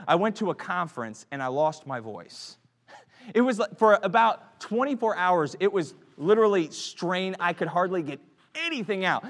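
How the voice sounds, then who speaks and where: Man preaching a sermon, high and very expressive, swinging from hushed to loud, reverberant church. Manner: dramatic swings between hushed and loud emphatic delivery. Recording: church sanctuary with long reverb.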